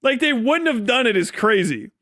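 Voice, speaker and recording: A man's voice: extremely high pitch, animated, moderate pace, bright, forceful tone, no echo, clean studio sound. A man streaming live, ranting in an exasperated, profane manner with frequent laughs. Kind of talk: livestream rant.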